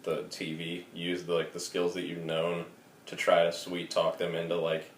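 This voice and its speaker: A man's voice: low-pitched, monotone, moderate pace. A man co-hosting a podcast in casual chat, wry, teasing and profane. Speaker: podcast co-host. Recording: roomy phone recording with faint noise.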